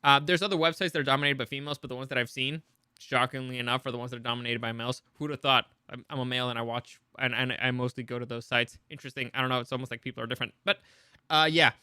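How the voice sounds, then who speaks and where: A man's voice: mid-range voice, bright, forceful tone, clear, resonant tone, no echo, clean studio sound. A man hosting a casual entertainment news show, rambling with many restarts and opinionated asides.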